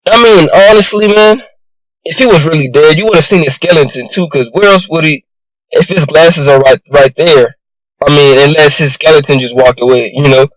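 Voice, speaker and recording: A man's voice: on the high side, moderate pace, no room sound, low-quality recording. A man giving a casual, rambling recap of a show episode, full of fillers like "you know" and "bro". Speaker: YouTube show reviewer.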